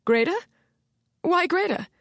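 Woman doing hoarse scared woman on the edge of tears, high and frantic, storybook. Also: normal speed, no echo, studio quality. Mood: panicked. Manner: frantic, pleading, rising into panic. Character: terrified, hoarse adult woman haunted by past trauma. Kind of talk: audiobook character voice.

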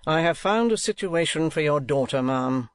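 A man's voice: a little high, animated, moderate pace, no echo, natural voice. Male narrator as a cold, curt miserly uncle; sneering, businesslike, dry recording.

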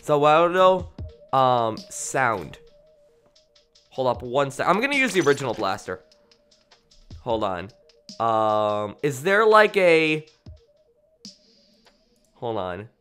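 A gaming streamer talks through his play live at a slow pace with frequent pauses, his voice clear and resonant. Bright and forceful, with pitch that swings everywhere, he is jokey and excitable, yelping loudly then dropping to mumbles, game music faint behind him.

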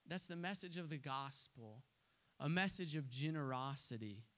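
A man's voice: a little high, lively intonation, moderate pace, fairly bright tone. A young man preaching a sermon to a young adults group, telling stories earnestly with frequent restarts. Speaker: pastor.

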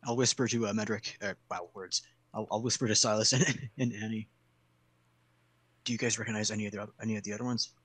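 Fast-talking man playing a tabletop game. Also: fairly low pitch, steady tone, a bit bright, husky, no echo, low-quality recording. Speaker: player.

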